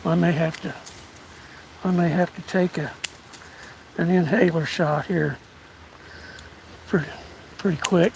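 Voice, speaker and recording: Speaking slowly in a gravelly, slightly mellow voice on the high side, a man in his 60s vlogs live from rural woods, out of breath, folksy, rambling, and self-deprecating. His intonation is fairly even, with long pauses. The audio is poor with a little hiss or hum, and outdoor ambience and a passing train can be heard.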